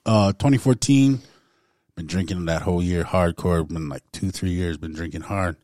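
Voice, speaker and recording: A man's voice: sits low, moderate pace, darkish tone, dry recording, clean studio sound. A man casually telling a personal story to a group, laid back and full of "man" and "like". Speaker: guest storyteller.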